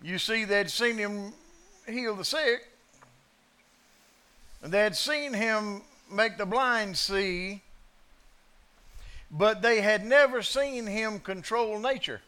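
A high-pitched male preacher who talks slowly and with weight. His tone is forceful and bright. He shifts between quiet asides and loud, dramatic declarations. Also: smooth. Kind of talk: sermon.

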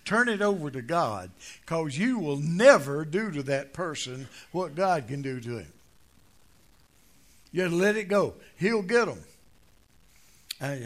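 An older man preaching a folksy sermon, telling stories and jokes, dropping to quiet asides and rising to loud emphatic points. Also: a little high.

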